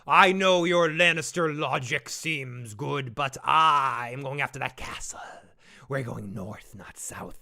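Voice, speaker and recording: A man's voice: medium pitch, slow, vocal fry, pushed and bright, full character voice. A man voicing a scenery-chewing woman villain commander who boasts and taunts menacingly, in a mock impression during a live stream. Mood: gloating.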